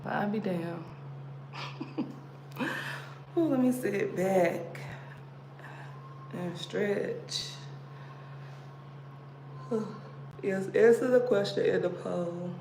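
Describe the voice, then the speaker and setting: An American woman hosts a casual livestream, chatty and playful and laughing as she talks, in a mid-range voice with a dark tone. She speaks extremely slowly with frequent pauses, and the recording has a roomy echo and background noise.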